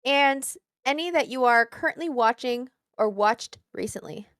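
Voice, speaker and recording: A woman's voice: fairly high pitch, animated, moderate pace, a bit bright, dry recording, clean studio sound. A woman co-hosting a podcast interview, bubbly and playful. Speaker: podcast co-host. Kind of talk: casual interview chat.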